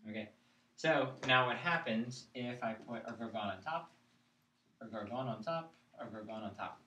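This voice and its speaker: A man teaching a live-streamed chant class speaks in a middle-pitched, sharp-toned voice at normal speed, explaining each point patiently and asking whether his students follow. He's well back from the microphone, and the classroom gives his voice a clear echo.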